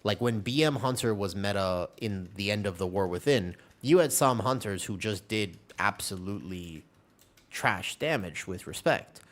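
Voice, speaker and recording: Animated man streaming gameplay commentary. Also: on the low side, normal speed. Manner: animated, rambling, mixes callouts with banter. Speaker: game streamer and tank player. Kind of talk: live gameplay commentary and chat with viewers.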